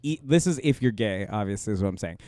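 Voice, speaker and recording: A man's voice: fairly low pitch, lively intonation, fast, mellow. A man in casual podcast chat, rambling and filling his talk with "like". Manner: rambling, heavy on "like" fillers. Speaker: podcast co-host.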